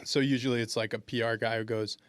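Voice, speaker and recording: Speaking fast and with a flat delivery, a twenty-something pro football lineman shares humorous anecdotes in a casual interview, frequently restarting as he goes. His voice sits at medium pitch, clear and resonant, in clean studio sound with no room ambience.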